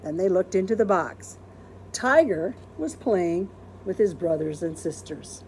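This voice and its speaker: A woman librarian reading a children's storybook aloud in a gentle, expressive storytelling manner. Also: on the low side, a little slow, a little hiss or hum.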